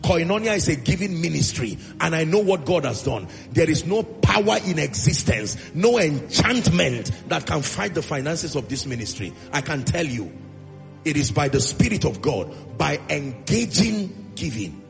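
Nigerian man, pastor, emphatic sermon, high lively voice, gravelly edge, echoing hall with music. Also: moderate pace. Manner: emphatic preaching with repeated refrains.

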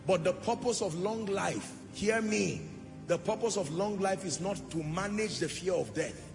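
A man's voice: high-pitched, moderate pace, gravelly, music in the background. A man preaching a sermon, impassioned, often swelling into sung, chanting phrases. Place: church hall. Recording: long church hall reverb.

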